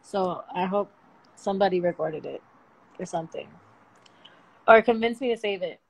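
A woman's voice: medium pitch, moderate pace, breathy edge. A woman in her twenties chatting casually and playfully with viewers on a phone livestream, slangy and laughing often. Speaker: livestream host. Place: home at night.

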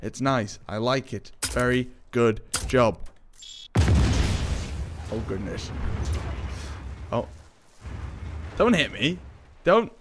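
A man giving excitable, jokey let's play commentary and talking back to game characters. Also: mid-range voice, extremely slow, long pauses. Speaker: gaming YouTuber. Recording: game sound effects and vehicle noise behind.

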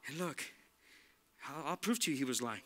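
A man's voice: medium pitch, animated, normal speed, a bit bright, soft background music. A male pastor preaching a sermon in a casual, slangy, emphatic way, often repeating "look" to drive a point home. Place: church.

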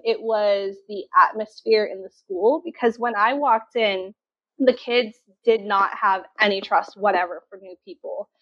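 A woman's voice: mid-range voice, fairly bright tone, no echo. A woman from Canada telling her teaching story as an interview guest, candid and full of fillers. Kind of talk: casual interview. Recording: dull lo-fi sound.

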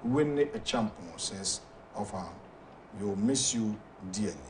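A man with a Ghanaian accent hosting a talk show, reading viewer messages aloud in a halting way with many fillers. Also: fairly low pitch, distant mic, a little hiss or hum.

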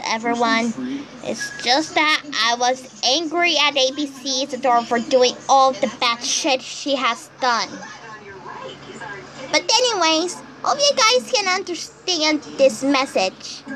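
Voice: sits high, animated, unhurried, low-quality recording. A young speaker in an angry callout rant to camera, cursing and listing grievances by number in an indignant tone. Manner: indignant, curses a lot, lists grievances by number. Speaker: commentary vlogger. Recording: loud background noise.

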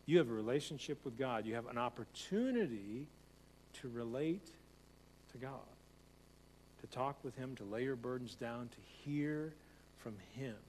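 A man's voice: mid-range voice, a little slow, darkish tone. A man preaching a conversational sermon as pastor, repeating phrases and speeding up as he tells stories. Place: church sanctuary. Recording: long hall reverb, faint hum.

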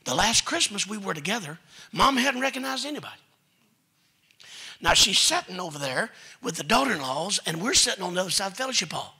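A man preaching a sermon in a church, his voice raspy and sharply bright. He speaks with a drawl and tells homely family stories, voicing each relative as he goes. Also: high voice, very animated, fairly quick. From Texas. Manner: folksy storytelling preacher, quotes family members. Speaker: pastor. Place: church sanctuary.

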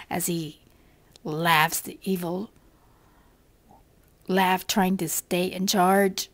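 A woman's voice: lowish voice, steady tone, drawn-out words, long pauses, dry recording. A woman telling a devotional story in an intimate, often whispered way.

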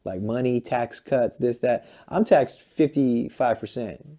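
A man in his late twenties, a musician being interviewed, talking in an animated, rambling, profane way and acting out what other people say. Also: mid-range voice, measured pace. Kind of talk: candid interview talk.

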